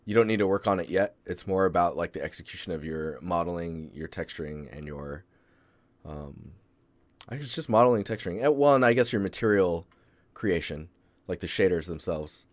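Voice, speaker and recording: A man with a very low, deep voice talks through an art portfolio on a live stream, loose and rambling, stopping and restarting his thoughts. The sound is close and dry, with almost no room around it. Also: normal speed, no room sound. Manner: relaxed, rambling, many fillers and restarts. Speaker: host reviewing art portfolios. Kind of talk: casual live-stream critique.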